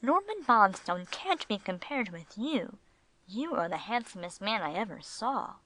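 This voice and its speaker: A woman's voice: medium pitch, sing-song, unhurried, fairly bright tone, a little hiss or hum, low-quality recording. A woman reading an amused, emphatic wife. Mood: fond. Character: happy, amused middle-aged wife.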